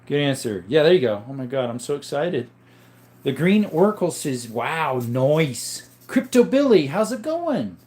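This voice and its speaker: A man's voice: a little high, very animated, a little slow, darkish tone. A young man hosting a casual livestream, reading chat and greeting viewers by name in a chatty, upbeat way.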